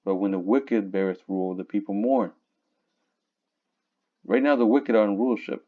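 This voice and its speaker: A man teaching from scripture in a casual, conversational way, reading verses slowly and looking up words aloud. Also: lowish voice. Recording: dull lo-fi recording.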